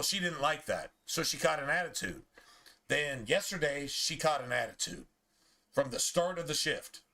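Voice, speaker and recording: A man's voice: on the high side, pushed and bright. Heated, profane male streamer. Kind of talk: ranting chat over gameplay.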